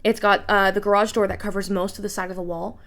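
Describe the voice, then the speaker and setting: A woman narrates a tabletop game as game master, in a relaxed and rambling way. Her voice has a gravelly, fry-heavy texture at an average pitch. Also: quick pace. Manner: casual, filler-heavy narration.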